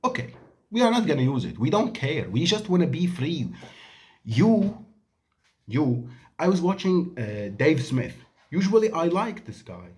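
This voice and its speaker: Syrian man, 30s, native Arabic speaker, heated monologue, lively swinging pitch, slightly high voice. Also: unhurried. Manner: angry, emphatic, rhetorical questions. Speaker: vlogger. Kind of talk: impassioned monologue to camera.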